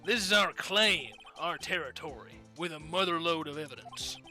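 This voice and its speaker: Streamer's put-on cocky cowboy lawman, drawling, sharp bright voice, game read. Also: mid-range voice, moderate pace, soft background music. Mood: swaggering. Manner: folksy Wild West drawl. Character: swaggering cowboy-styled male detective, drawling. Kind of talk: video game voice reading.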